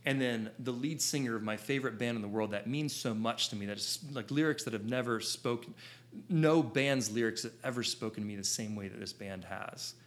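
Man in his thirties, mid-pitched, for an excitable storyteller who rambles and restarts. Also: fairly quick. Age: 30s. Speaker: photographer telling his story. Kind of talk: animated personal storytelling to an audience.

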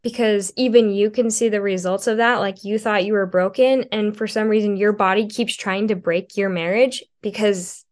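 A woman's voice: mid-range voice, steady tone, moderate pace, hardly any pauses. A woman marriage coach talking earnestly in a casual podcast conversation, often using filler "like" as she thinks. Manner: earnest, thoughtful, many filler "likes".

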